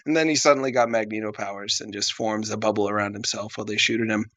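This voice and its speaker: A man's voice: lowish voice, level tone, quick pace, fairly bright tone, dry recording. A man co-hosting a comedy podcast, rambling through an improvised story, acting out characters in exaggerated voices and laughing at his own jokes. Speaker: podcast co-host.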